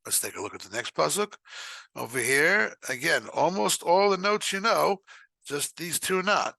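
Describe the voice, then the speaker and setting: A man teaching a recorded lesson, explaining quickly in short bursts and then chanting phrases slowly. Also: fairly high pitch, very animated, vocal fry, sharp tone, no room sound.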